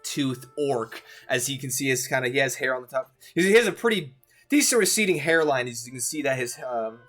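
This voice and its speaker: A man's voice: mid-range voice, animated, a little fast, a bit bright, soft background music. A man narrating as game master of a tabletop game, rambling with lots of fillers.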